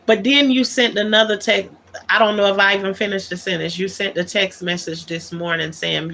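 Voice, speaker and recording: A woman's voice: medium pitch, moderate pace, vocal fry, fairly bright tone. Woman, livestream host, unscripted monologue, emphatic, repeats key words, faint background noise.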